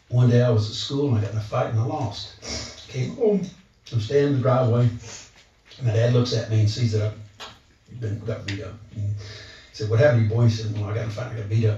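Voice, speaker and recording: A man's voice: mid-range voice, slight background noise. A man telling a storytelling testimony to a church gathering, acting out the voices he quotes. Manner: animated retelling, acts out quoted voices. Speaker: speaker sharing testimony. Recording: roomy, distant, dull church recording.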